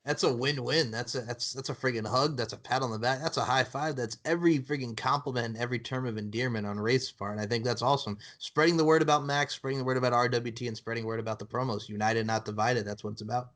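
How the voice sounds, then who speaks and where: A man's voice: mid-range voice, quick pace, few pauses, fairly bright tone. A man hosting a wrestling podcast, talking emphatically and casually, with some swearing. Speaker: podcast host. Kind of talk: casual interview chat.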